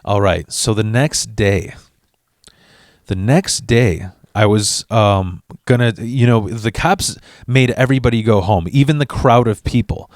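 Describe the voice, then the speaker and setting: A man's voice: fairly low pitch, measured pace, no room sound, clean studio sound. A young man telling a storytime rant to camera, swearing heavily and stumbling over restarts as he acts out what others said. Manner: profane and animated, acting out quotes; restless stammers and restarts. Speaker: vlogger.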